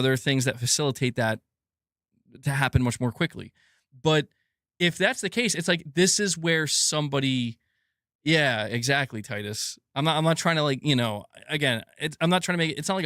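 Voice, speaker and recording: A fairly high-voiced man rants about the gaming industry in a loose, profane, rambling way, stumbling over restarts and breaking into laughter. He mocks the people he talks about in put-on voices. The sound is dry and close, with no room echo. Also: fairly bright tone. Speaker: gaming news host. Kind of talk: casual opinion rant.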